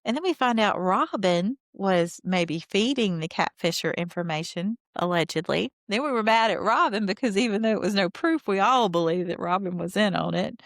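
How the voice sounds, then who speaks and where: Indignant woman podcast host, low voice. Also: creaky, no echo, clean studio sound. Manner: opinionated, indignant, talks straight to listeners. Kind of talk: casual rewatch commentary.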